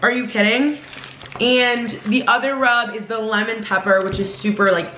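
A chatty young woman in her twenties hosts a casual eating vlog, her voice a touch high and very bright. She talks in a bubbly, excitable way, recorded in an echoey room. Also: normal speed. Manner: bubbly, chatty, laughing often. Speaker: vlogger host. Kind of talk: casual mukbang vlog chat. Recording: echoey room, faint noise.

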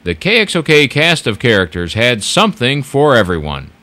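Bright, expressive documentary narrator man. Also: mid-range voice, normal speed.

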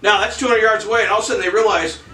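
A man co-hosting a history podcast, telling the story in a casual, profane, animated way. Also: high voice, very fast, distant mic. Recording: echoey room, off-mic, faint music.

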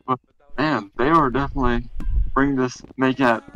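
A man's voice: mid-range voice, steady tone, normal speed, a bit bright, lo-fi sound, faint music behind. A man co-commentating a live game in an easygoing way, sometimes tripping over his words.

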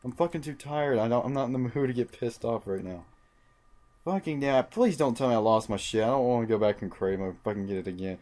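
Muttering and cursing nonstop in frustration, a young man comments on his own video game playthrough for his gaming channel. He has an expressive, mid-range voice, slightly fast and a little mellow.

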